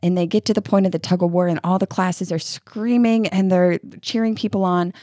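A middle-aged woman co-hosting a parenting podcast, telling stories in casual chat with quick restarts. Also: fairly low pitch, no echo, studio quality. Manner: expressive storytelling with quick restarts.

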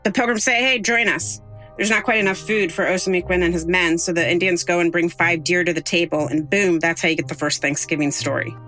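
An interviewee explaining history in a lively, storytelling way. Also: medium pitch, fairly quick, faint music behind.

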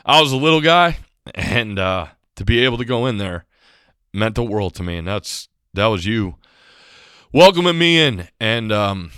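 A man with a bright, clear, resonant voice co-hosts a sports podcast. He speaks earnestly in halting bits, and the recording sounds dry and close. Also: on the low side, expressive, no echo. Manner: earnest, halting, laughs between phrases. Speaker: podcast co-host. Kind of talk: casual sports podcast chat.

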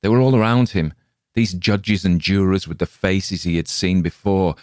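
Man with a really deep voice reading a creepy story, slow and ominous, dry close mic. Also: fairly even intonation, a little mellow, no room sound. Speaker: story narrator.

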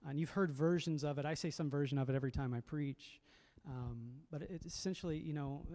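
A man's voice: on the high side, brisk, few pauses, warm tone. A man preaching a sermon as a pastor, reflective and conversational, often repeating words as he goes.

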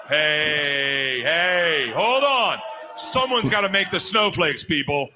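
A man's voice: fairly high pitch, expressive, takes it slowly, noisy background. A man telling a stand-up story in a profane, exasperated manner, laughing along. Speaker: stand-up comedian.

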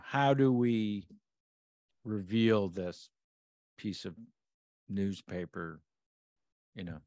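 A man with a low voice hosts a podcast, picking apart scenes slowly and carefully. His sound is close and dry, and he stops and restarts as he gathers his thoughts. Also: darkish tone, dry recording. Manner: measured and analytical, with frequent restarts. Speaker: podcast host. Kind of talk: episode discussion.

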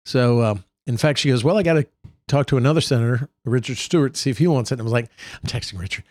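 A man's voice: mid-range voice, fast, a little mellow, dry recording. Man, casual podcast storyteller, does impressions, dry close mic. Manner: joking storyteller who mimics colleagues. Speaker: podcast co-host and state senator.

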